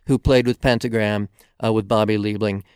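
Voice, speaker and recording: A man who is a guest author, telling stories in a halting way full of fillers. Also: lowish voice, fairly even intonation, darkish tone, clean tone, dry recording. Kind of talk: casual interview storytelling.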